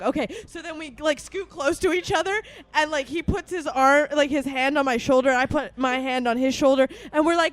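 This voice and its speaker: This podcast co-host, a young woman in her twenties, speaks in a high voice at normal speed. Animated and quick to laugh, she tells a story in casual conversation and acts out the quotes.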